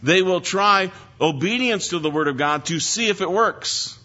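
Working through a psalm, this man preaches an earnest expository sermon and leans hard on key words. His voice sits high and sounds pushed and bright, moving at a moderate pace. The lo-fi recording comes across dull.

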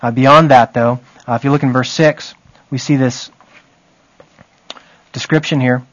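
A man's voice: mid-range voice, fairly even intonation, a little slow, highs cut off. Plain conversational man teaching scripture. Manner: conversational, checks in often with the group. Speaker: Bible study teacher. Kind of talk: teaching a Bible study.

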